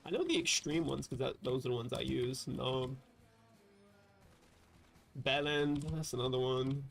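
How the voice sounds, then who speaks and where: A man's voice: medium pitch, measured pace, gravelly, soft background music. A man from England, chatting casually and profanely on a livestream while reading chat aloud. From southern England. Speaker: livestream host.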